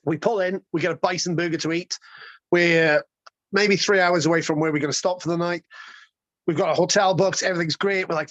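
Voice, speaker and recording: High-voiced, excitable storytelling man. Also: no echo. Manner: excitable, profane, rambling with restarts. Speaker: guest storyteller. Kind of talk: casual road-trip storytelling.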